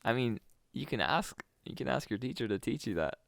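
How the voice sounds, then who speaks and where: Relaxed slangy man, casual podcast chat. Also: mid-range voice, a little fast, creaky, no room sound, clean studio sound. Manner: relaxed, slangy, says "bro" a lot. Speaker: podcast co-host.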